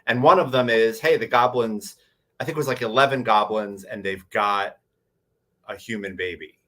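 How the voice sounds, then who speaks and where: A man's voice: on the low side, moderate pace, pushed and bright. A man on a convention panel, animatedly telling a tabletop game story with many restarts. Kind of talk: casual panel chat.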